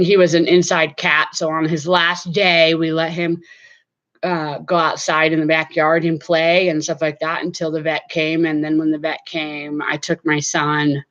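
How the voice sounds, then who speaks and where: A woman's voice: low voice, flat delivery, normal speed, dull audio. A middle-aged woman chatting casually to camera from her home, rambling with many fillers. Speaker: vlogger.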